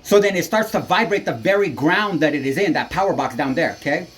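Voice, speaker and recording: A man rants angrily into a handheld camera as he films a neighbor, cursing nonstop and rambling from one point to the next in agitation. His voice sits on the high side, fairly bright, with lively intonation and a brisk pace.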